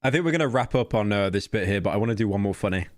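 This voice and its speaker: A man's voice: on the low side, animated, racing, no room sound. A man streaming, reacting to clips with sarcastic, mocking commentary and stammered restarts. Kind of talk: casual livestream commentary.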